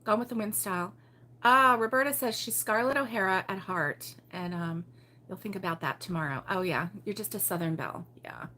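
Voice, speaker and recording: A woman from Baltimore hosting a relaxed morning livestream, chatting and giggling as she reads viewer comments aloud. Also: mid-range voice, a little fast. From Baltimore, USA. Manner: chatty and giggly, with frequent fillers and laughs. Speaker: host of a crochet livestream. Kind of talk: casual morning chat reading viewer comments.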